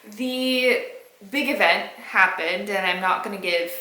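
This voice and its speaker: A woman's voice: medium pitch, slow pace, pushed and bright. A young woman in her twenties chatting through a casual reading vlog, blunt and openly irritated. She swears without a second thought and speaks in an ordinary middle register. The room around her adds a noticeable echo. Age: 20s. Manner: frank, exasperated, swears casually. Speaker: book vlogger.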